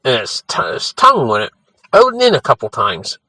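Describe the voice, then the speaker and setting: An older man tells a family story in a relaxed, meandering way, often adding "you know" and breaking off mid-sentence to start again. His voice is bright and moves lively up and down, and the recording is dry and close with no room sound. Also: mid-range voice, normal speed, no echo, poor audio. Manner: rambling, frequent "you know" and restarts. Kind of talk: casual personal storytelling.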